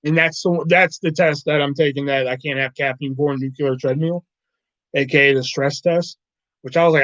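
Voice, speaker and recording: A man's voice: a little high, steady tone, normal speed, fairly bright tone, no room sound. A man hosting a live stream at home, telling a rambling, profane story in casual talk and laughing often. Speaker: livestream host. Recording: dull lo-fi dry mic.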